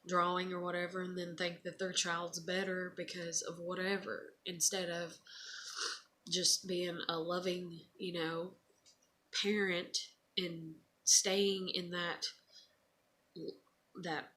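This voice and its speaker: A woman's voice: fairly low pitch, little pitch movement, slow pace, a little hiss or hum. A woman in her thirties, a mother, casually chatting and reading her child's old letters aloud, rambling and emotional. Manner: rambling, soft-spoken, emotional. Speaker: vlogger, mother.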